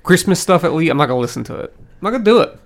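A man's voice: high-pitched, big pitch swings, rapid-fire. A young man in his twenties, co-hosting a podcast and chatting in a laid-back, rambling way. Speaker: podcast co-host. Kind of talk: casual chat.

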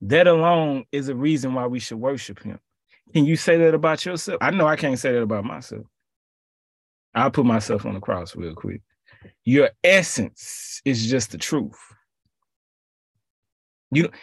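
Husky man preaching in casual slang. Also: mid-range voice, no room sound, clean studio sound. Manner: conversational, slangy, repeats phrases. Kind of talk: casual sermon.

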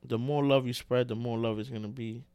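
A man's voice: mid-range voice, brisk, smooth, no room sound. Slangy man co-hosting a podcast. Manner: animated, slangy, says "bro" a lot. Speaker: podcast co-host. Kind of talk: casual podcast chat.

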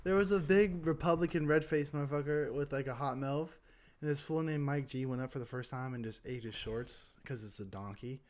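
A man's voice: medium pitch, steady tone, fairly quick, darkish tone. A young man co-hosting a comedy podcast, telling crude rambling stories. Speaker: podcast co-host.

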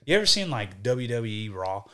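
Profane, animated young man telling a story. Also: mid-range voice, moderate pace. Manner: profane, animated, acts out quotes. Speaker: podcast guest, band vocalist. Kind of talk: casual storytelling.

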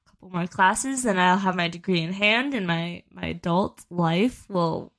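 Her voice is on the low side and fairly bright, at a normal speed. The woman, in her twenties, co-hosts a podcast and tells a long, casual story that rambles with many fillers and restarts.

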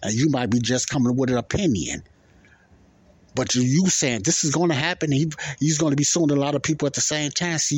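A man's voice: medium pitch, breathy edge. A middle-aged man hosting a podcast, talking loosely and repeating himself as he comments on video clips. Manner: loose, repetitive, keeps asking if you understand. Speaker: podcast host.

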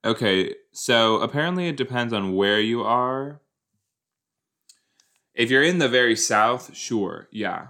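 Here a young male podcaster riffs on a TV episode, chatty and rambling, cracking jokes and doing silly voices. His mid-range voice is bright and forceful, with lively intonation and a measured pace.

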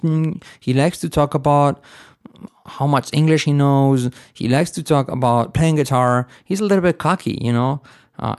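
A man's voice: medium pitch, gravelly, a little mellow, dry recording, studio quality. A man teaching English grammar in a playful, chatty way, switching between examples and humming song bits. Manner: playful, chatty, hums and sings song snippets. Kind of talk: casual grammar lesson to Spanish speakers.

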